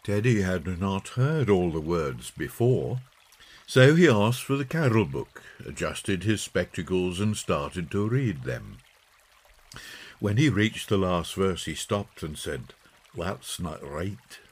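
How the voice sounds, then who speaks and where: A man reading a children's story aloud in an expressive, unhurried way. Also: low voice, husky. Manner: slow, lively expressive reading. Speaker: audiobook narrator. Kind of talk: storybook narration.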